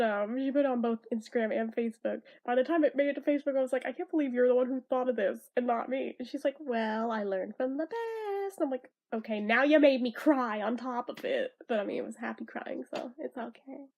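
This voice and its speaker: A woman's voice: on the high side, steady tone, brisk, gravelly, hardly any pauses, darkish tone. A young woman vlogging in casual chat, rambling, laughing often and swearing casually.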